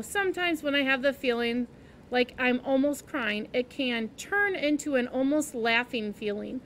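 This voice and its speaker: A woman reading a children's novel aloud in an expressive, gentle storytelling manner. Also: sits high, slight background noise. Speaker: reader.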